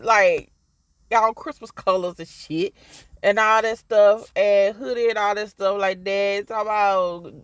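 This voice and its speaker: A man's voice: sits high, a bit bright, no room sound. A man from Mississippi with a Southern accent, giving a rambling, profane, emphatic TV review in casual chat. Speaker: TV show reviewer.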